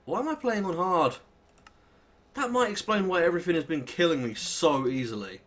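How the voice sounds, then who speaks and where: A young British man casually commentating his gameplay, rambling and self-deprecating as he thinks out loud. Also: a little high, lively intonation, normal speed. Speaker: let's play host.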